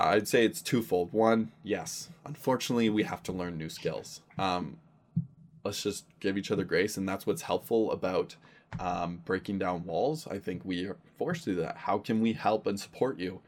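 Pastor guy chatting in an interview, earnest, slightly low voice. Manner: earnest, conversational, thinks aloud. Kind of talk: casual interview conversation.

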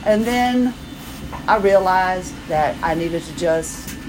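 A woman's voice: on the low side, takes it slowly, background noise. Rambling tired woman podcaster. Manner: rambling, self-deprecating, chatty. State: tired, moving carefully while pregnant. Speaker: podcast host. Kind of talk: casual personal monologue. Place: home, house chores around her.

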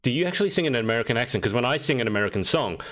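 A man hosting a casual live-streamed chat, teasing his guests in a quick, chatty way. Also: mid-range voice, lively intonation, fairly bright tone. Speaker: podcast host.

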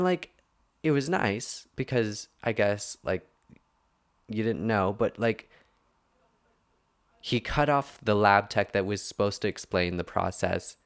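A young man hosting a podcast, ranting casually and rambling with many filler words and self-corrections. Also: fairly low pitch. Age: young adult. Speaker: podcast host.

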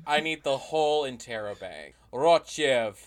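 Slow, lively young man, dry sarcastic co-host. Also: medium pitch. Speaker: podcast co-host reading stage directions. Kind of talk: casual comedic table read.

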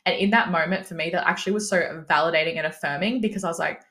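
A woman's voice: fairly low pitch, racing, a bit bright. A young woman hosting her own podcast, talking candidly in a casual, chatty way, swearing freely and using lots of "like" fillers. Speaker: business coach, podcast host. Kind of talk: candid solo podcast monologue.

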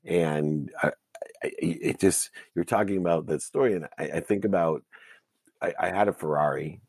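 Very deep-voiced man host, dry sound. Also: normal speed, darkish tone, husky, no echo. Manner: reflective, with repeated starts. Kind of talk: interview conversation.

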